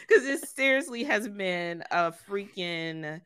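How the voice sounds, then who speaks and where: A young woman with a low, bright voice chats loosely on a podcast. She sounds a little congested from a recent cold. Her talk trails off into fillers and restarts. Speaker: podcast co-host. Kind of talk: casual chat.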